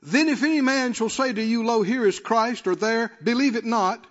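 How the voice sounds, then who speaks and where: High-voiced preacher in a reverberant church. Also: male voice, moderate pace. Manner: calls out to the congregation, rising to shouts. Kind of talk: sermon. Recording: muffled sound with long church reverb.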